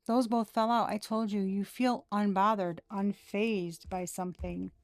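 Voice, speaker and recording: A woman in her thirties doing a casual tarot reading, talking slowly with many fillers and dry, sarcastic asides. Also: medium pitch, steady tone, no echo. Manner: slow, drawling, full of fillers, sarcastic asides. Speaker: tarot reader.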